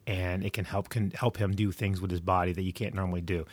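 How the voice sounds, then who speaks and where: A man's voice: deep voice, flat delivery, quick pace, dry recording. A middle-aged man giving movie recommendations in a casual, rambling monologue full of digressions and stories. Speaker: movie reviewer.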